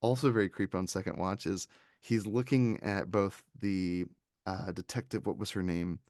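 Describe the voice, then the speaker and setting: A man's voice: sits low, steady tone, moderate pace, a little mellow, dry recording, clean studio sound. A man co-hosting a casual film review podcast, talking animatedly and quoting scenes in little put-on voices. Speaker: podcast co-host reviewing films. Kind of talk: casual chat.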